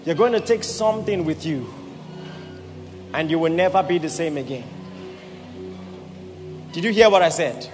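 A fairly high-voiced man preaching as pastor in an echoey hall, music playing behind him. He drives an altar call with emphatic, repeated calls and questions to the room. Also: expressive, moderate pace, long pauses, darkish tone. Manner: emphatic, repeats "did you hear what I said".

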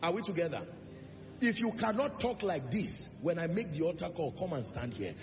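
A man's voice: a little high, sing-song, moderate pace. A male preacher giving an emphatic sermon in a church, pressing the congregation with rhetorical questions. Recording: reverberant lo-fi hall recording with music.

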